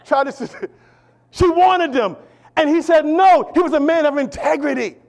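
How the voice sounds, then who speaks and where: Male pastor, very high voice, call-and-response preaching, shifts from shouting to hushed. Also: moderate pace, gravelly. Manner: preaching with call-and-response, swings between shouting and near-whisper. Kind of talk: sermon.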